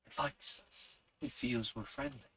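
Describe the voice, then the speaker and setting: A grown uncle coaxing a shy spirit in a low, breathy hush, as the narrator voices him. He speaks softly and keeps his voice close to a whisper. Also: normal speed, a little hiss or hum, lightly acted, poor audio.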